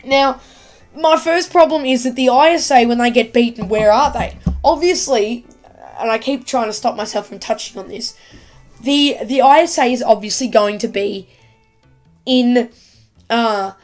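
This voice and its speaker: A woman giving a casual, excitable video review of a TV episode, rambling with lots of fillers. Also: fairly high pitch, normal speed, faint music behind. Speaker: YouTube TV reviewer.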